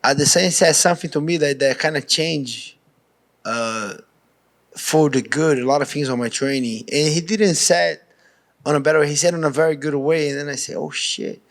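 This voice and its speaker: Frank Brazilian-accented man talking casually. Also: a little high. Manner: casual, frank, restarts often, says "bro". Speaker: professional fighter. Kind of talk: pre-fight media interview.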